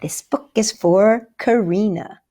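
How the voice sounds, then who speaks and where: A woman with a mid-range, dark-toned voice speaks slowly while hosting a children's story time. She reads picture books and poems in a sing-song, encouraging manner, addressing the kids directly.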